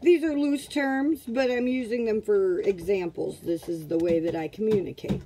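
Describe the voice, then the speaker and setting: A woman's voice: mid-range voice, moderate pace, mellow, slight background noise, rough recording. A middle-aged woman at home giving a casual motivational talk to her followers, asking rhetorical questions over and over in a preachy way. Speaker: vlogger, motivational group leader.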